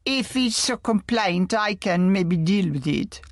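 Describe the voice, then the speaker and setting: Reader doing a young guy with a strong eastern european accent, slow and offhand. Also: medium pitch, expressive, dry recording, clean studio sound, voice pushed up. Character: young Eastern European male shop assistant.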